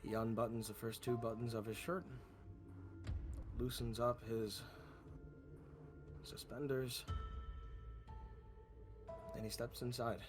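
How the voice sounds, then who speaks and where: A man's voice: medium pitch, flat delivery, slow pace, long pauses, music in the background. A man playing a tabletop game, describing his character's actions in a hesitant, thinking-aloud way. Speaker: player.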